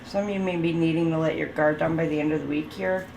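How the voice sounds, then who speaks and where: Talking fast in a low, gravelly, steady voice, a tarot reader chats her way through a casual reading. She laughs frequently and rattles off card keywords, and the room sounds open with faint noise in the background.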